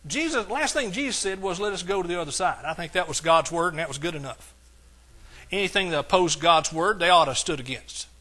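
Man preaching hard, bright ringing voice, loud then quiet. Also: high voice, animated, fairly quick. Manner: emphatic preaching, swings from soft to hollering. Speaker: pastor. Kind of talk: sermon.

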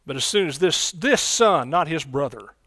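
A man preaching a folksy sermon in church, breaking into loud excited bursts. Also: a little high, normal speed, dry recording, studio quality. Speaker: pastor.

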